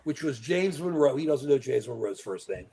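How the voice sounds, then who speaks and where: A co-host of a live political chat show talks animatedly from home in New York, greeting viewers by name. His mid-range voice is mellow with some vocal fry and lively intonation, at a normal speed.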